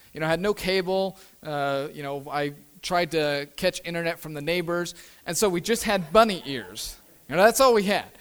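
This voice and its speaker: A man, a pastor, preaching a sermon with emphatic repeated phrases, moving between hushed and loud delivery. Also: on the high side.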